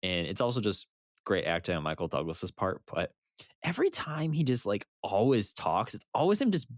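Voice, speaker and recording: A man co-hosting a podcast in casual chat, animated and laughing as he recaps scenes. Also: lowish voice, moderate pace, no room sound, studio quality. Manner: animated, laughs and uses fillers while recapping. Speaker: podcast co-host.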